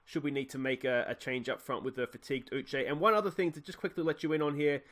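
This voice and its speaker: A man casually commentating his football management game, cheering goals loudly and thinking aloud about tactics. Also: medium pitch, fairly even intonation, fast. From Australia. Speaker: gaming YouTuber playing a football management game.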